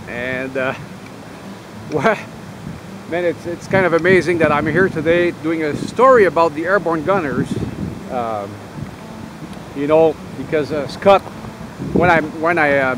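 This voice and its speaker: Rambling veteran man, windy outdoor take. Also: fairly high pitch. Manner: rambling, halting, full of uh and um. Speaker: army veteran vlogger. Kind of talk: casual storytelling to camera.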